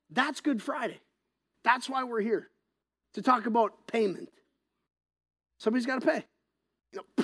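An impassioned pastor delivers a sermon with a gravelly edge to the voice. The delivery swings from loud, forceful emphasis down to hushed whispers, with a middling pitch.

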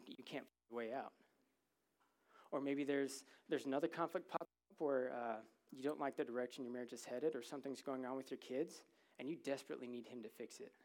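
A man's voice: mid-range voice, a little mellow. A man preaching a sermon to a congregation in a church, in a conversational, humorous way, often checking in with "right?".

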